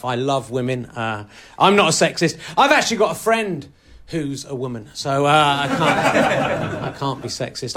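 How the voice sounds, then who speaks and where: A man doing a stand-up comedy set on stage, deadpan and ironic, sometimes working himself up into mock outrage. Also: on the high side, very noisy. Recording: live audience laughter. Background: audience laughing.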